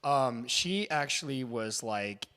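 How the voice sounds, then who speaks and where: Lively storytelling man in his thirties. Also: mid-range voice, takes it slowly. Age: 30s. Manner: animated storyteller, acts out voices. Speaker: co-host. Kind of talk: casual storytelling chat.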